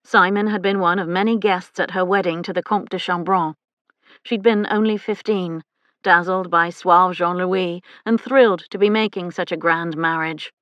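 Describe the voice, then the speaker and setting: Low-voiced woman narrating an audiobook. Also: fairly even intonation, moderate pace, a bit bright, clean tone, dry recording, muffled recording. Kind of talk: scripted narration.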